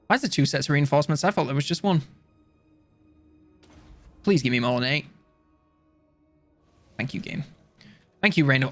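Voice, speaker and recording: A young man streams a strategy game with a voice sitting a little high for a man. He rambles casually, cracking self-deprecating jokes and muttering about his next move. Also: lively intonation, fairly bright tone, faint music behind. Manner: rambling, self-mocking, quick asides and jokes. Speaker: gaming streamer. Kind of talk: casual let's-play commentary.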